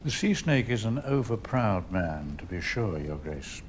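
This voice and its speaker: An older royal adviser addressing his king in a drama clip. His voice is low and formal, and he speaks with careful deference. A faint ambient hiss runs underneath. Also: very animated, unhurried. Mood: grave.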